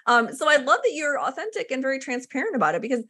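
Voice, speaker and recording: A woman's voice: high voice, sing-song, fast, sharp tone, breathy edge. A woman hosting a podcast interview and mentoring health practitioners, talking in an enthusiastic, affirming and emphatic way. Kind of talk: conversational interview.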